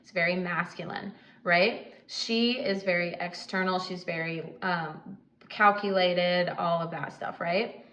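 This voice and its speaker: A woman's voice: fairly low pitch, steady tone, a little slow, a bit bright, echoey room, dull audio. A woman talking casually and emphatically to the camera as host, with frequent asides and light laughs. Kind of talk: casual advice talk.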